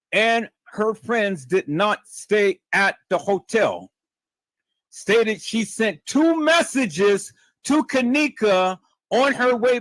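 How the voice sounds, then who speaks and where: A man with a high voice hosts a live stream and reads a report aloud, stopping to comment. He talks slowly and dramatically, repeats words and stammers, and keeps calling out to his viewers. The sound is dry and close. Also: fairly bright tone, no room sound.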